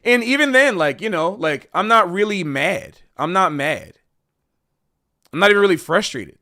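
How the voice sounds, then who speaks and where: Man, high-pitched voice, earnest rambling livestream talk. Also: animated, brisk, pushed and bright. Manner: earnest, rambling, repeats himself. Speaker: streamer and jazz educator. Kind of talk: casual livestream monologue.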